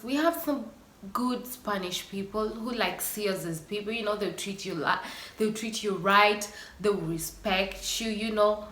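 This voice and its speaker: Woman vlogging, earnest and emotional, sighs a lot, bright forceful voice. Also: mid-range voice. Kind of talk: personal vlog monologue. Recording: echoey room.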